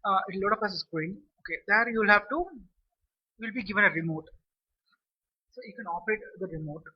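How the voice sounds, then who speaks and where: A man's voice: high voice, a little fast, breathy edge. A man giving a rambling, casual tech explanation for a vlog, often restarting sentences and checking in with "okay?". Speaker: tech vlogger. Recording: distant, dull lo-fi mic.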